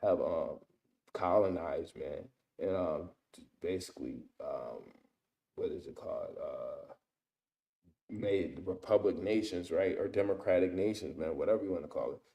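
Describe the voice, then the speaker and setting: A deep, mellow-voiced man leads an informal scripture study. He reads a verse, then breaks it down in loose everyday talk, tagging his points with "man" and "right?". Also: unhurried, creaky. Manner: reads verses aloud then explains them. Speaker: Bible teacher.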